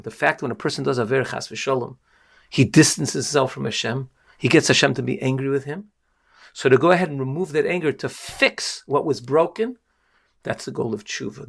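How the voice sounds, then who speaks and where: Gravelly man giving an earnest Torah lesson. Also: on the high side. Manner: earnest, emphatic, lively storytelling. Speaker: rabbi.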